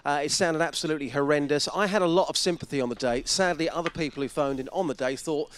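Bloke co-hosting radio, kinda high voice, tells stories doing little voices. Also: male voice, fast talker, fairly bright tone. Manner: chatty anecdotal storyteller, acts out voices. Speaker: radio co-presenter. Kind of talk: casual radio chat.

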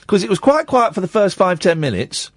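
A man's voice: high-pitched, sing-song, fairly quick, dry recording. A man hosting late-night radio from a studio mic, rambling and jokey, often poking fun at himself. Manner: rambling, jokey, self-deprecating. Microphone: studio microphone.

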